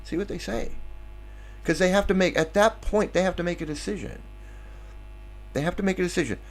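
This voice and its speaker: A man's voice: high-pitched, brisk. A man delivering a sarcastic, combative rant full of rhetorical questions. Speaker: online commentator. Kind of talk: ranting monologue.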